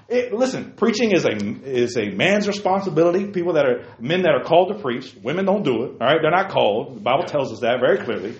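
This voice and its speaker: A man hosting casual opinion talk, emphatic, swinging from quiet explaining to loud bursts. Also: a little high, big pitch swings, fast, hardly any pauses. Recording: roomy, dull lo-fi sound.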